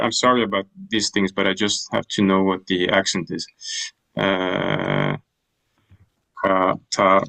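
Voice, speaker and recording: A man teaching ancient Greek grammar in an online class, explaining with pauses and restarts over a video call. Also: fairly low pitch, gravelly, sharp tone, low-quality recording. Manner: thoughtful, hesitant, many restarts. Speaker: language teacher.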